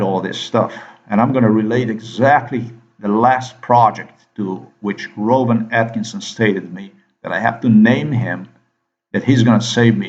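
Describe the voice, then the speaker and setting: Low-voiced man, agitated rambling monologue, muffled lo-fi sound. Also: a little mellow. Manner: agitated, repetitive, addresses the listener with questions. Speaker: vlogger.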